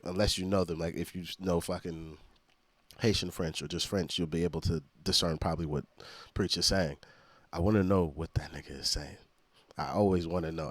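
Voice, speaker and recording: A man's voice: deep voice, dry recording. A man hosting a reaction video, commenting in a blunt, profane, exasperated way.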